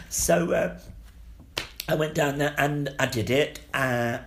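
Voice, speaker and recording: An older man, an actor being interviewed, telling anecdotes in a lively, salty way and acting out the voices of the people in his stories. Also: on the high side, takes it slowly, vocal fry, a little hiss or hum. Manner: animated, salty, acts out quoted voices. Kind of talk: anecdotal storytelling.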